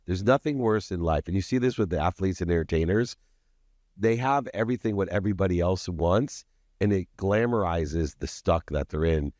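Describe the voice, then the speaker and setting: A man with a very low voice recounts his life story as a podcast guest, with intense, confessional emphasis. The sound is close and dry. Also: normal speed, darkish tone, no room sound. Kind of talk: personal storytelling in an interview.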